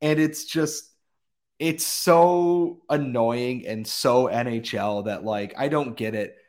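A man's voice: medium pitch, slow pace. Male sports podcast host with a cold, chatty and exasperated. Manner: exasperated ranting. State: has a cold. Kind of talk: casual sports podcast chat and read ads.

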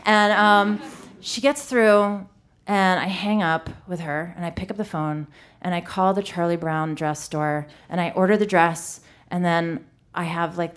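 A woman in her thirties telling a funny personal story on stage, self-deprecating and full of "like". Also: on the low side. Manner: comic, self-deprecating, lots of "like". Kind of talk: live storytelling.

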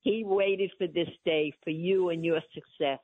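A woman's voice: lowish voice, fairly even intonation, measured pace, dry recording. Older New woman on the phone. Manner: emphatic, gushing and pleading. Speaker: host's mother, phone-in guest. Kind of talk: casual phone chat. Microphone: telephone. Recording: tinny phone line.

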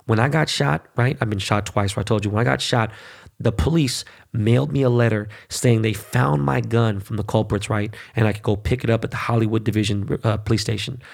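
Gravelly, blunt, profane man. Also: on the low side, fairly even intonation, fairly quick, hardly any pauses, a little mellow. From United States. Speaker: podcast host. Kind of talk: casual podcast monologue.

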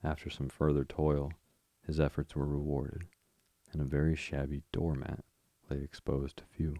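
A man narrates a bedtime story in a calm, even reading. His voice is very low and dark, with little movement in pitch. The sound is close and dry. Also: moderate pace, dry recording. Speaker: podcast host and reader.

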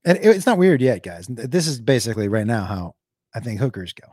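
A young adult man, a comedian, telling a comic story with lively bursts into shouted voices. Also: medium pitch, brisk, husky, dry recording, studio quality. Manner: animated, jumps into shouted impressions.

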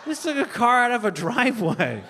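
A man doing a stand-up comedy set, telling a story with animated, loud impressions of his family. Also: very high voice, normal speed, long reverb tail, a crowd in the background, noisy background. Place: live stage before an audience.

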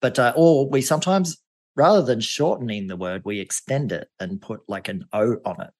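A woman's voice: a bass voice, moderate pace, darkish tone. A woman from Australia with an Australian accent, joining a podcast over a video call and joking around. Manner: playful, joking. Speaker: guest. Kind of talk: casual chat.

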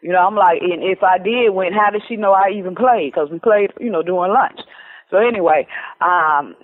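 A middle-aged woman telling her own story in casual talk, lively and acting out what people said, with plenty of "you know" and "um". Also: lowish voice, moderate pace. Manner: lively, acts out quoted dialogue, many fillers. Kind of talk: casual storytelling over the phone. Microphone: telephone. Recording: tinny phone line.

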